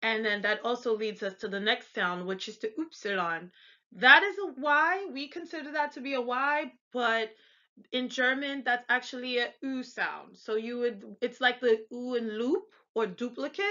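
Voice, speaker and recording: A woman's voice: fairly high pitch, moderate pace, pushed and bright, lo-fi sound. A woman with an American accent teaching pronunciation, explaining each sound and sometimes stopping to correct herself. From United States. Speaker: language tutor. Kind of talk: pronunciation lesson.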